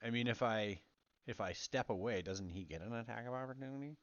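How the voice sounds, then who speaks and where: A man's voice: mid-range voice, fairly quick, dry recording. A man chatting casually as a player in a tabletop game, thinking aloud about his moves. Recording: dull, lo-fi stream audio.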